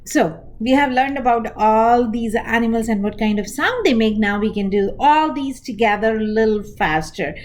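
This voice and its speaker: A woman's voice: fairly high pitch, over music. Patient woman teacher with Indian English accent. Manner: unhurried, explaining step by step with pauses. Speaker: preschool teacher. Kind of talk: instructional talk to parents and teachers.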